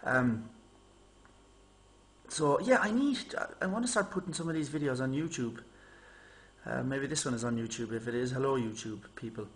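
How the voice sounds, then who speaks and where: Chatty and animated, a male vlogger in a mid-range voice tells stories to his camera at a moderate pace, rambling casually. When he imitates people, his voice rises.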